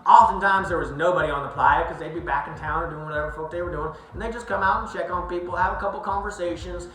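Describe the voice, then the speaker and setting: Young male vlogger, high bright voice, loose profane storytelling, echoey room. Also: fast talker, a little hiss or hum. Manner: profane, rambling, slips into put-on accents. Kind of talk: casual storytelling recap.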